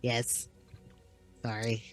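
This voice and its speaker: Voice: medium pitch, monotone, drawn-out words, faint music behind. A player at a tabletop game who speaks hesitantly, with many ums and uhs, while playing a character.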